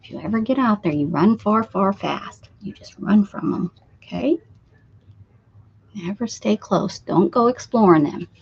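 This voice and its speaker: A woman's voice: mid-range voice, expressive, a little slow, vocal fry, slightly rough. A woman hosting a casual livestream from her craft room, calling to her pets in coaxing baby talk and sometimes dropping to a whisper. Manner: sing-song coaxing baby talk to cats, with soft whispers. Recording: dull lo-fi livestream audio with faint noise.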